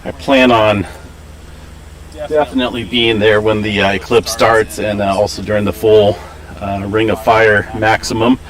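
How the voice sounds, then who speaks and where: A man hosting a casual live stream, chatting in a relaxed, rambling way with lots of fillers, through a camera microphone. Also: lowish voice, moderate pace.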